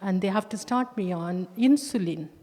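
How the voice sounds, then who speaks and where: A woman's voice: mid-range voice, warm tone. Earnest woman testifying in echoey church. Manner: halting, earnest, with frequent restarts and fillers; slows down and stresses key words. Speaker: church member giving testimony. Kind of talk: personal testimony. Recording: long church-hall reverb.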